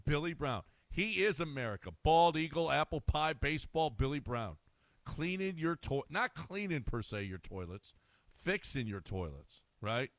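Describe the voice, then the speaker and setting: A man's voice: a little high, sing-song, moderate pace, a bit bright, no room sound. A man co-hosting a sports radio show, teasing his partner and telling loose stories. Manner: dry teasing, storytelling. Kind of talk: casual studio banter. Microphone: studio microphone.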